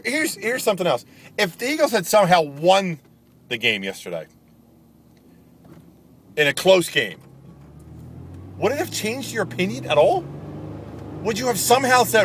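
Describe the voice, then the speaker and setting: Angry ranting man, lively high voice. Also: a little hiss or hum. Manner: angry, emphatic, repetitive. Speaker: video blogger. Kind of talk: ranting sports commentary to camera.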